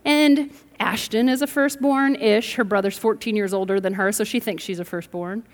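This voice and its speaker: A woman's voice: mid-range voice, fairly even intonation, moderate pace. A middle-aged woman preaching a sermon with stories, emphatic and rising to bursts, calling on the congregation to respond. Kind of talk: sermon with storytelling. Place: large church sanctuary. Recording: reverberant hall.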